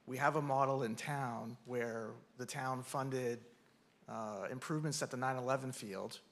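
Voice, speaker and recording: A man's voice: mid-range voice, a little slow. A man, a local resident, making a matter-of-fact public comment at a town meeting.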